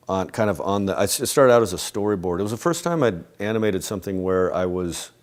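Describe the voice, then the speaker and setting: A middle-aged man with a deep, low voice is giving a relaxed interview. He rambles loosely and keeps breaking off and restarting his sentences, with soft laughs in between. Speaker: interviewee, animation creator. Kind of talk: casual reflective interview talk.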